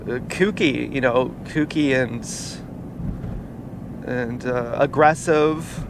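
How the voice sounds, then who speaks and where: A man telling a personal story in a casual vlog, rambling and halting, with many fillers and restarts. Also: medium pitch. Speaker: vlogger. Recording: noisy outdoor street recording. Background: car and street noise.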